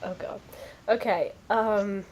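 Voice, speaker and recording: A woman chatting casually with fellow players before a tabletop game session, quick to laugh at herself. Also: medium pitch, steady tone, a little mellow. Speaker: player and show host.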